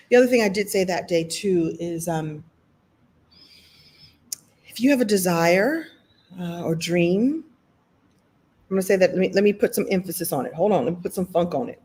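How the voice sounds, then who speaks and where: A woman giving a lively motivational talk on a live stream, jumping from high playful bits to low asides, laughing often and acting out little scenes. She talks to the viewers as a coach and keeps the energy up. The voice sits in an ordinary middle pitch. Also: moderate pace, pauses often.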